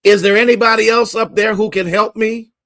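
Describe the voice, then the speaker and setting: A man voicing a desperate man hanging from a cliff, pleading for help, his voice climbing high as he tells a sermon story. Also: steady tone, a little fast, vocal fry, a bit bright.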